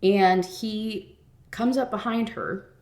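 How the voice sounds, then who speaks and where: A woman's voice: medium pitch, takes it slowly, darkish tone. A young woman retelling a novel in a casual rant review, chatty, swearing, and full of "like". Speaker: book reviewer.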